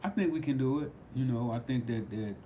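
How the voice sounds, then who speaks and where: A man's voice: mid-range voice, a little fast, mellow, lo-fi sound, a little hiss or hum. A man who is a podcast guest, talking unhurriedly with many fillers and restarts. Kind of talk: casual conversation.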